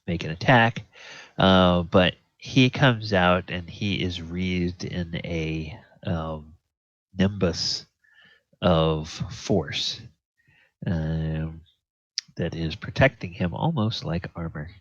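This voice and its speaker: A man narrating a tabletop game as game master, halting and full of ums. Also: low voice, no echo. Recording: slightly dull, dry audio.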